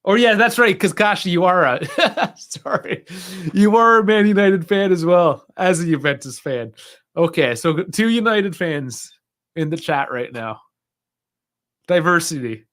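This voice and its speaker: His voice is high, animated and a bit bright, delivered at a measured pace. The young man is streaming a football watch-along, giving relaxed live commentary, sighing and laughing at the action and talking with his chat.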